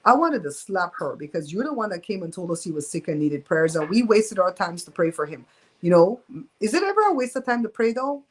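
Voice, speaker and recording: A woman's voice: on the low side, very animated, fairly quick, husky, poor audio. A woman hosting a casual live-stream storytime from home, talking in a candid, emphatic and gossipy way. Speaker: host of a live show.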